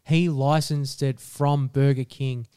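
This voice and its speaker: A young Australian man co-hosting a casual podcast, swearing freely and ranting in an animated way. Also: mid-range voice, slow, clear, resonant tone, no room sound, studio quality. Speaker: podcast co-host.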